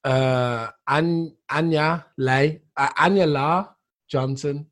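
A man's voice: a little high, slow. A man, hosting a casual chat, rambling and tacking man onto his sentences. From England. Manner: rambling, says man a lot. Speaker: podcast host.

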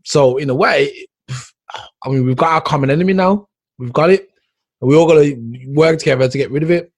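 A man's voice: fairly high pitch, a little fast, a little mellow. Rambling man in casual chat. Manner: rambling, lots of fillers and "dude".

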